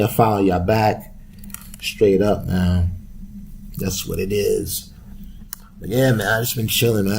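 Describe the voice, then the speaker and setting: A man's voice: on the low side, creaky, darkish tone, a little hiss or hum. A young man hosting a podcast, ranting casually with loose street slang, profanity and laughter. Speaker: podcast host.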